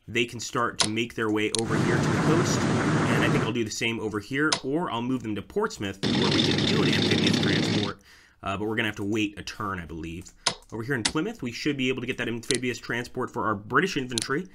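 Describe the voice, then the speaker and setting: A man giving casual commentary over a strategy game, thinking aloud about his moves and talking to viewers as guys. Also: on the low side. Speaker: let's play host. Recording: loud background noise.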